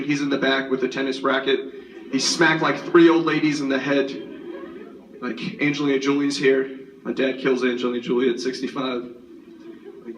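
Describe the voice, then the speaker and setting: A man's voice: medium pitch, fairly even intonation, a little fast, a bit bright, a little hiss or hum. A young man in his twenties, a student performing a stand-up comedy set at a school variety show, rambling and self-deprecating with many fillers. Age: 20s. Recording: roomy hall, far from the mic.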